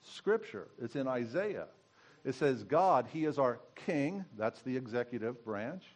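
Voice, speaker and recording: A man's voice: mid-range voice, sing-song, unhurried. A man giving a conversational sermon as pastor, teaching and asking his congregation questions.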